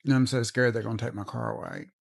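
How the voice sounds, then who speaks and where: A man's voice: medium pitch, fast, vocal fry. A man venting to camera about his bills, angry, swearing and worn out. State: frustrated. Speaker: vlogger.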